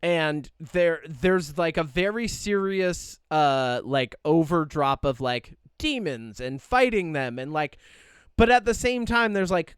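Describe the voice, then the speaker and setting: A man co-hosting a podcast, talking in a casual, rambling way and acting out little quoted lines as he goes. His voice sits a little high and sounds smooth and clear. The recording is dry and close, with no room echo. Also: slow. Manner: animated, rambling with many "like" fillers and quoted asides. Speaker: podcast co-host. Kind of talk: casual chat.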